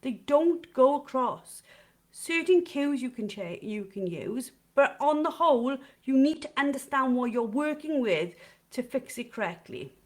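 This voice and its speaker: A woman's voice: high-pitched, lively intonation, unhurried. A middle-aged woman, hosting a casual live stream about dog training and chatting with viewers. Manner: chatty, addresses viewers in comments, frequent "right?".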